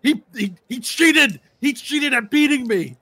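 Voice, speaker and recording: A man voicing a defeated fighter who shouts shrill, pleading protests. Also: lively intonation, a little slow, breathy edge, heavily acted.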